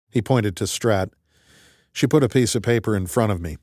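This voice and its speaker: A man's voice: on the low side, moderate pace, darkish tone, no echo, studio quality. A man narrating an audiobook in the first person with a wry, conversational manner.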